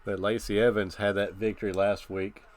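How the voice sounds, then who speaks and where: Laid-back low-voiced man reacting casually. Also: flat delivery, normal speed. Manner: laid-back, rambling, uses filler phrases. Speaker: live stream reaction host.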